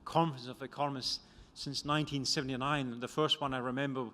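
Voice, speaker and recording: A man's voice: medium pitch, steady tone, fast, pushed and bright. Older Scottish man with a rambling, joking delivery. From Scotland. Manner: rambling, self-deprecating, many restarts. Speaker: economist presenting a book. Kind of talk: conference talk. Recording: lecture hall reverb.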